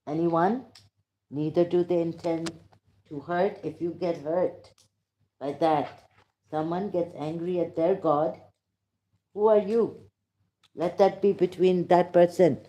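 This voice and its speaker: A man hosting a rambling livestream monologue, emphatic and indignant, halting often with fillers. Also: a little high, warm tone. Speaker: channel host.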